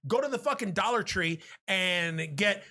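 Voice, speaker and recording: A man's voice: sits high, lively intonation, unhurried, pushed and bright. A man co-hosting a podcast, chatting casually in a rambling, joking way with plenty of profanity. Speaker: podcast co-host. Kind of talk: casual chat. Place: home podcast setup.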